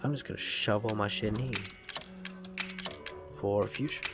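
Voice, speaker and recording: Sick, gravelly young man swearing through horror game. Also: on the low side, a little slow, music in the background. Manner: profane, jumpy, talks to himself. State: sick, voice deep and raspy. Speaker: gaming let's-player.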